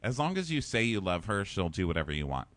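A man's voice: sits low, sing-song, fast, a bit bright, no room sound, clean studio sound. A man co-hosting a casual chat, snarky and sarcastic. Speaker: podcast co-host. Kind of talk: casual chat recapping a reality show.

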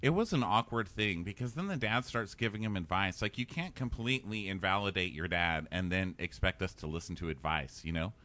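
A man's voice: deep voice, a little fast, few pauses, fairly bright tone. A man co-hosting a casual chat, sarcastically recapping a show and acting out quotes in mock voices. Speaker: podcast co-host.

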